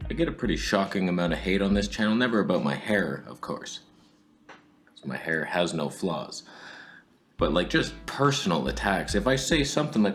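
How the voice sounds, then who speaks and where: A man's voice: fairly low pitch, very animated, moderate pace, soft background music. A man giving a sarcastic, comedic camera review, swinging between whispers and outbursts.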